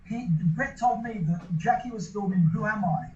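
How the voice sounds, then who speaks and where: Speaking at normal speed in a high, slightly mellow voice, a male interview guest casually spins a lengthy anecdote. His telling wanders, full of restarts and repeated words, and the echoey recording sounds dull and a bit lo-fi.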